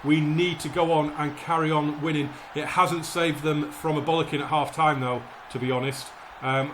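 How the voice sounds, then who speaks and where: Excitable man commentating a game. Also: on the high side, moderate pace, hardly any pauses, noisy background. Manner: excitable, commentates like a match caller, frets aloud. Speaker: gaming YouTuber playing a football management game.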